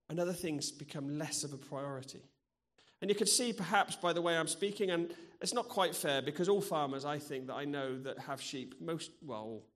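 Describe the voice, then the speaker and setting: A middle-aged man preaching in a church, earnest and personal, sharing stories from his own life. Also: a little high. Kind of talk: sermon.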